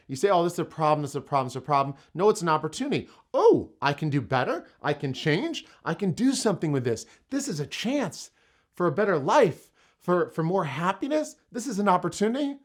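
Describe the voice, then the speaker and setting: A man giving an emphatic motivational self-help talk, repeating phrases for effect. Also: a little high. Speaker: motivational speaker.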